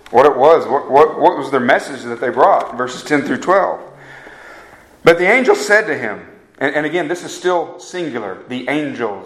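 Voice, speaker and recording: A man preaching a sermon in a conversational way, often turning to his listeners with questions. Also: medium pitch. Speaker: pastor. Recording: echoey room.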